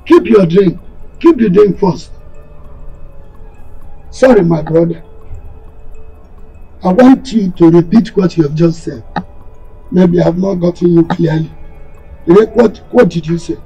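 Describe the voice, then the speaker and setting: A man with a Nigerian accent playing a firm elder brother and father who refuses a demand and calms his son. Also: sits high, lo-fi sound, soft background music. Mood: stern. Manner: stern, deliberate, religious reassurance.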